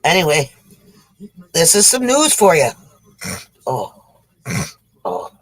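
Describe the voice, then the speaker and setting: A man's voice: on the high side, very animated, takes it slowly, fairly bright tone, no room sound, poor audio. A man short of breath and on oxygen, telling jokes to his viewers in a chatty, casual livestream. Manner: chatty, addresses viewers as folks. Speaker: livestream joke teller.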